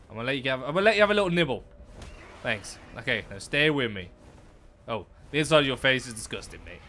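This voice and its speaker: A young man giving excitable let's-play commentary, talking to the animals and exclaiming often. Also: medium pitch. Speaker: gaming YouTuber.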